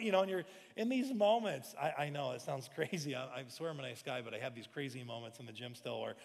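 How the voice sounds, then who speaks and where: A man in his forties preaching a sermon in an animated way, acting out scenes with sudden shouted lines. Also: mid-range voice, fast talker, gravelly, few pauses. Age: 40s. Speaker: pastor. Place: large church sanctuary. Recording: long hall reverb.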